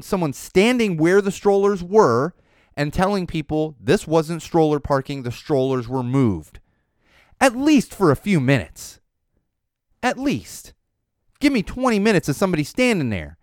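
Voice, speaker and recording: A man in his thirties hosting a casual solo podcast, telling stories and ranting with animated ups and downs and muttered asides. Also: on the high side, dry recording, studio quality. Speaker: podcast host.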